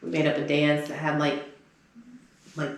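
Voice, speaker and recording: A woman co-hosting a casual podcast, telling lively stories among friends. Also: normal speed, heavy reverb. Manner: animated storyteller, mimics people in higher voices. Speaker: podcast co-host. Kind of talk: casual chat.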